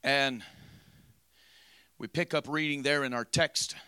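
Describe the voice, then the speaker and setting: A man preaching a sermon, moving from quiet storytelling to loud, drawn-out preaching. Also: medium pitch, fairly even intonation, clear, resonant tone, no echo.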